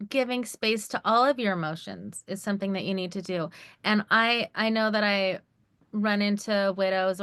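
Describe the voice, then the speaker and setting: Female podcast guest with a bright, forceful voice; frank and emphatic, quick to laugh. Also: medium pitch, smooth, no echo, clean studio sound. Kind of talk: conversational podcast interview.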